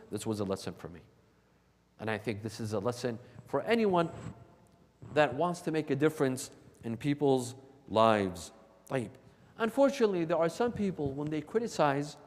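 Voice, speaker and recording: A man giving an emphatic sermon, repeating key phrases for stress. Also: fairly high pitch. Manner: emphatic and repetitive, restating points for stress. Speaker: religious lecturer. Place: large hall of a religious center. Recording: long hall reverb.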